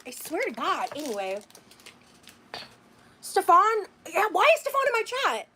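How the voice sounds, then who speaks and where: A woman's voice: sits high, sing-song, normal speed, bright, forceful tone. A woman livestreamer talking to her chat late at night, greeting viewers by name and swearing when annoyed.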